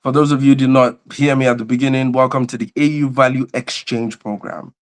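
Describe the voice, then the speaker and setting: A man opens a livestream with lively, repetitive enthusiasm and calls out viewers one by one. His voice sits at an ordinary middle pitch. He loops back over the same words as he builds momentum. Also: a little fast. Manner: energetic, repeats phrases, greets viewers by name. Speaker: host and convener of a livestream. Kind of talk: livestream opening chat.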